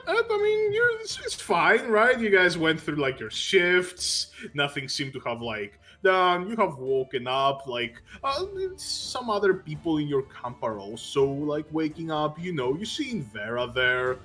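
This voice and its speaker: Male game master, high and bouncy, chatty and giggly, faint music bed. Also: bright, forceful tone. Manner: rambling, laughs often, restarts narration. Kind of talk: narrating a tabletop game over voice chat.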